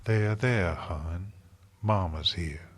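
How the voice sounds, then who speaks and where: A man's voice: sits low, very slow, long reverb tail, full character voice. Applejack, a man doing a hot-tempered country mare. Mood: cooing. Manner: barking, folksy, cooing when soft.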